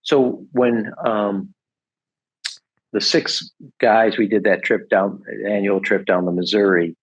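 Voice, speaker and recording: Older guy rambling through a story, husky and lowish, kinda muffled audio. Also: fairly even intonation, slow pace. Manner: rambling, restarts, says "et cetera" often. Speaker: podcast guest. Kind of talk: casual storytelling.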